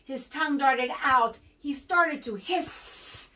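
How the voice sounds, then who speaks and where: An American woman reads a rhyming picture book to young children in a sing-song storytelling manner. Her voice is high and bright, and her pace is slow. The mic is slightly distant. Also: slight background noise. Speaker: guest reader for kindergarten.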